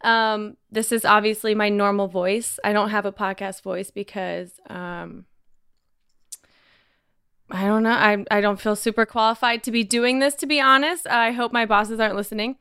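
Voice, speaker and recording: A woman's voice: mid-range voice, fairly even intonation, normal speed, bright, forceful tone, clear, resonant tone, no echo, clean studio sound. A woman with a Kentucky accent hosting a casual podcast, chatting in a youthful, self-deprecating way. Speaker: podcast host.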